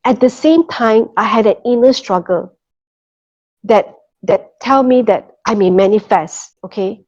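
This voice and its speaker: Middle-aged woman, fairly high voice, sharing a faith testimony earnestly, muffled lo-fi sound. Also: measured pace, a little mellow. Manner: earnest, checks in with listeners, many repeated "okay" and "you know". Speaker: testimony speaker. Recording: muffled lo-fi recording.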